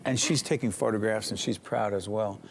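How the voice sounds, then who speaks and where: A man hosting a TV interview, energetic and quick to jump in with questions. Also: lowish voice, gravelly, slight background noise. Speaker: TV interview host. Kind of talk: studio interview. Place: university campus studio.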